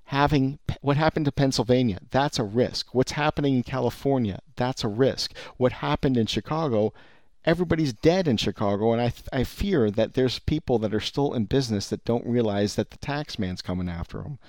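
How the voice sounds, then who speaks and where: A man's voice: mid-range voice, fairly quick, darkish tone, dry recording, studio quality. A man giving ranting commentary on the vape business, rambling and profane with many restarts.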